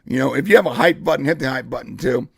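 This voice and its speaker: A hoarse man hosting a casual live podcast, leading the topics with excited chatter. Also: medium pitch, quick pace, dry recording, clean studio sound. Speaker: podcast host.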